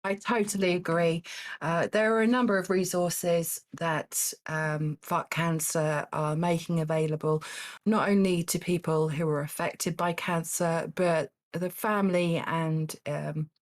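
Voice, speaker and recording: A woman hosting a live charity game stream, reading donations and calling on players in a calm, polite way. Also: fairly low pitch, unhurried.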